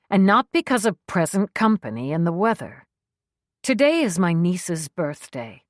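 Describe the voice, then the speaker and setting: A woman reading a first-person story aloud, measured with a wry edge. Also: on the low side, no echo, clean studio sound. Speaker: audiobook narrator. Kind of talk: first-person scripted narration.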